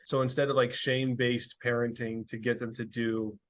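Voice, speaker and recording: A man's voice: mid-range voice, moderate pace. A young adult man talking casually as an interview guest, filling his speech with "like" and "you know" and acting out quotes. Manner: animated storyteller, acts out quotes with filler-heavy speech.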